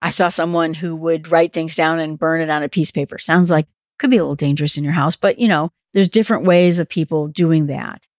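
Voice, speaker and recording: Calm woman hosting a podcast, low voice. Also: brisk, no room sound, clean studio sound. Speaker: podcast host. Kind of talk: solo podcast book discussion.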